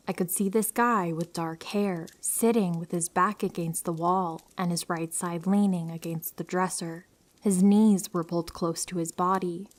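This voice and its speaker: A woman with a slightly low voice reads listener horror stories aloud. Her delivery is calm and soft-spoken. She slips into near-whispers to build dread. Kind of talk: scripted narration of horror stories.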